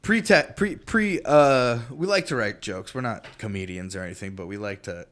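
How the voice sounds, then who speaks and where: A man's voice: mid-range voice, moderate pace, a bit bright. A man co-hosting a podcast in casual chat, joking around and laughing at the bits. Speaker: podcast co-host.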